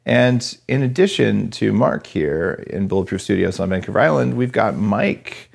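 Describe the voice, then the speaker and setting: A man's voice: lowish voice, expressive, gravelly, darkish tone, breathy edge. A man from New Mexico hosting a podcast interview in a casual, joking, rambling way. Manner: chatty, joking, fast-rambling. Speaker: podcast host. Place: home podcast studio.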